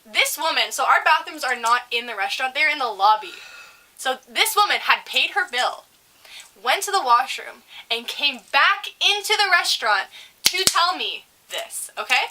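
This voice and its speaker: Young female co-host, bright and animated, swears freely while ranting through stories. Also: high-pitched, normal speed. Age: young adult. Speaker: podcast co-host. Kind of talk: casual storytelling chat.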